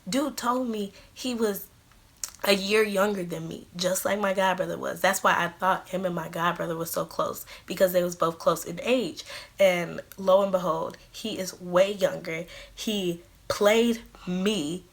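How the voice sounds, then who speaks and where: A woman's voice: lowish voice, fairly bright tone. A woman of about twenty-one, telling a storytime vlog and acting out the quoted lines. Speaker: vlogger.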